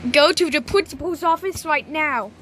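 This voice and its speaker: A high, slightly bright synthetic woman's voice, the text-to-speech kind used for cartoon characters, plays a stern woman in authority. At a moderate pace she scolds stiffly and repeats herself, with a little hiss or hum in the audio.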